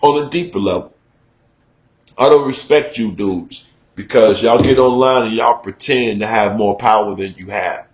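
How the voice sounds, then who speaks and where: A man's voice: on the low side, moderate pace. Profane, emphatic man talking in a roomy studio. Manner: profane, emphatic, conversational, gets loud when worked up. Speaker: radio talk show host. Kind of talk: candid talk-show monologue.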